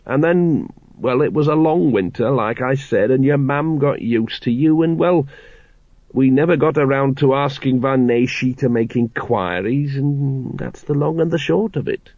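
A man voicing an elderly male dwarf father, worried and hesitant, who speaks in slow, halting phrases. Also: mid-range voice, a little mellow, no room sound, lightly acted. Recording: dry, dull lo-fi audiobook recording.

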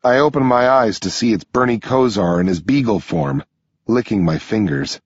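A man reading a first-person story aloud as an audiobook narrator, with a steady storytelling delivery. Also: normal speed, slightly rough, no room sound, highs cut off. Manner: steady storytelling delivery, pushing up in pitch for shouted dialogue.

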